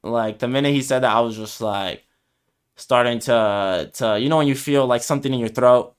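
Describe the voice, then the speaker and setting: A man's voice: medium pitch, normal speed, clear, resonant tone. A young man co-hosting a podcast, chatting casually in a hesitant, reflective way with many fillers. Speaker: podcast co-host. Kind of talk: casual conversation.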